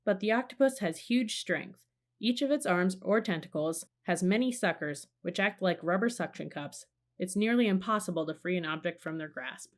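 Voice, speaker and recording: Calm woman reading a children's story. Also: fairly low pitch, moderate pace. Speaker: audiobook reader. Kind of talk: storybook narration.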